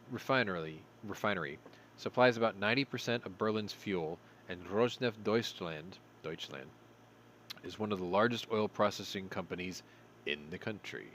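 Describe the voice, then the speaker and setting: A man's voice: lowish voice, fairly bright tone, a little hiss or hum. A tired man hosting a show, reading news stories aloud and breaking off for sarcastic asides. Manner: sarcastic asides between read headlines. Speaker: show host.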